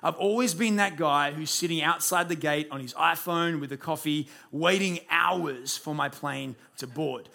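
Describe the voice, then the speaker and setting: A man in his late twenties, a pastor telling a story in a sermon, animated and self-deprecating, speaking in a church room. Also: fairly high pitch, moderate pace, vocal fry, few pauses. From Australia.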